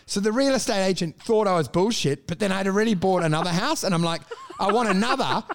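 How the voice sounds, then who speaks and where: A middle-aged man telling crude, animated stories in a casual chat, laughing as he goes. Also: high voice, fast.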